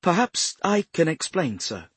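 A composed woman detective explains herself politely, as a male narrator voices her. The voice sits higher than his own and stays husky and dry. She keeps a measured, careful tone. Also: sing-song, dry recording, heavily acted. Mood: placating. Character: composed female detective inspector, diplomatic.

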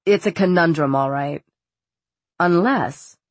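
A woman's voice: on the low side, takes it slowly, no room sound. A woman voicing a curt, sarcastic teenage boy. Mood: wry.

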